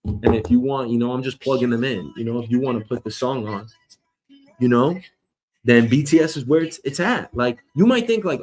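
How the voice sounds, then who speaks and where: A middle-aged man hosting a comedy show, ranting loudly and rambling, swearing a lot and slipping into mock voices. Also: medium pitch, expressive, a little fast, soft background music. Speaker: host. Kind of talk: profane comedic rant.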